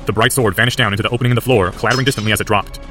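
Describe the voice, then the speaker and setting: A man's voice: fairly low pitch, steady tone, racing, music in the background. A man narrating a story aloud as an audiobook, intense and driven. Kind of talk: audiobook narration of fan fiction.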